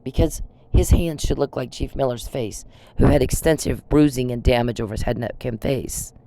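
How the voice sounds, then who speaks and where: A woman's voice: very deep voice, moderate pace, gravelly, warm tone. A woman ranting straight at someone in a blunt, accusatory, profane vlog monologue. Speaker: vlogger. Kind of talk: angry direct-address rant.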